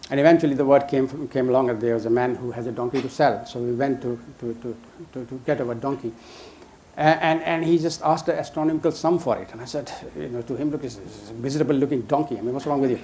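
A man's voice: mid-range voice, fairly even intonation, warm tone, slight background noise. Older man telling a story, chuckling. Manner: chuckling, halting with many restarts. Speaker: storyteller guest. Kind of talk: casual anecdote telling.

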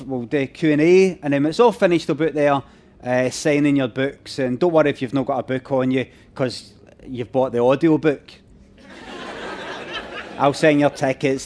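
A man's voice: medium pitch, steady tone, normal speed, darkish tone. A middle-aged Glaswegian man doing chatty, self-mocking stand-up on stage, talking to the audience. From Scotland. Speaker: comedian on stage. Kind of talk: live stand-up banter with audience. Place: theatre stage. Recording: live venue, crowd noise. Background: audience laughter and murmurs.

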